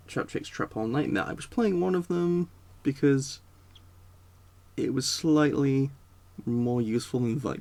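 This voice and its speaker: A man's voice: mid-range voice, vocal fry, a little mellow. A man giving a casual, rambling spoken rant, full of fillers and restarts. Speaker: video creator.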